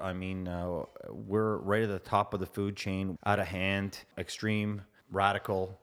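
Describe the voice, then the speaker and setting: A man co-hosting a contractors' podcast, an animated storyteller who laughs often in casual chat. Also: deep voice, measured pace, few pauses. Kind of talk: casual chat and joke telling.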